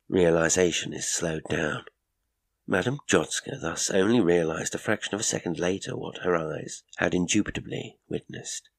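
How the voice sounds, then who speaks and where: A man narrating a ghost story in a measured way, often dropping to a hush. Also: deep voice, gravelly, no echo. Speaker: audiobook narrator.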